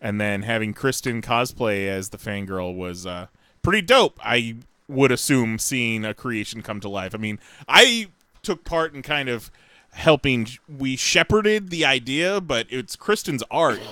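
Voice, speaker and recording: A man co-hosting a podcast, telling con stories in an energetic, profane, casual chat. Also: mid-range voice, unhurried, no echo. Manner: energetic, profane, loose storyteller. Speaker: podcast co-host. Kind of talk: casual chat, reading a countdown list.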